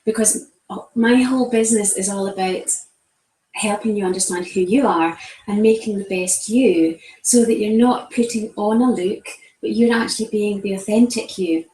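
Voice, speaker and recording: A woman's voice: mid-range voice, moderate pace, warm tone, echoey room, poor audio. A woman who works as a colour analyst, chatting casually with many ums and restarts. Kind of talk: casual chat.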